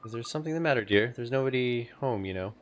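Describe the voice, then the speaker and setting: A man with a mid-range voice and lively intonation reads fast as a gossipy elderly woman neighbor, fussy, chatty and sympathetic. His voice sounds natural, with slight background noise and game music playing behind.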